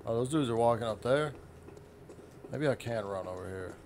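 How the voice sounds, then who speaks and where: A man in the middle of a let's-play session talks through his game in a middle-pitched voice. He is profane and restless, muttering about enemies and then blurting out loud reactions. Faint background noise sits under the recording. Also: lively intonation, normal speed. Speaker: gaming channel host.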